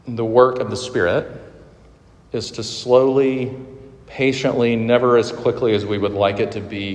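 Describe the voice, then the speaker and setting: Pastor, man, 30s, earnest sermon delivery with soft trailing emphasis, long hall reverb. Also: fairly low pitch, fairly even intonation, normal speed. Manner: earnest, drops to soft emphatic lines at phrase ends. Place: large hall with audience. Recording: echoey hall sound, roomy reverb.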